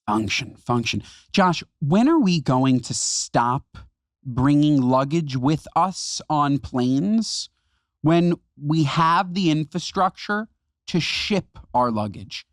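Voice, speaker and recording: A man's voice: a little high, expressive, takes it slowly, dry recording, clean studio sound. A man co-hosting a podcast, riffing emphatically and exaggerating for comic effect. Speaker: podcast co-host. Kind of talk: casual chat.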